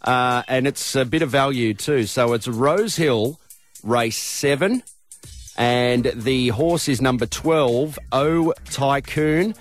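A man's voice: medium pitch, slow. An Australian man hosting breakfast radio, chatting cheerfully in a folksy way and often saying "I tell you what.". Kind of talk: casual breakfast radio banter. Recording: radio show with music bed underneath.

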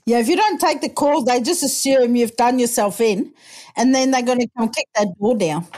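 A woman's voice: on the high side, normal speed, darkish tone. A woman hosting a podcast, blunt and teasing, who swears freely in casual chat. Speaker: podcast host.

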